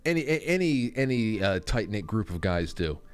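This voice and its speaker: A man's voice: on the low side, very animated, normal speed, faint music behind. A man hosting a podcast, rambling in casual comedic chat and often breaking into laughter. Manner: rambling, laughing, self-interrupting. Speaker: podcast host.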